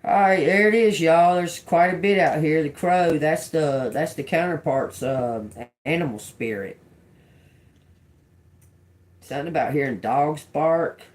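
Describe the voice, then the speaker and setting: Slow, murmuring woman tarot reader. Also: low voice. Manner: slow, murmured repetition of channeled words; chatty and animated when explaining to viewers. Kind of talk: intuitive tarot reading.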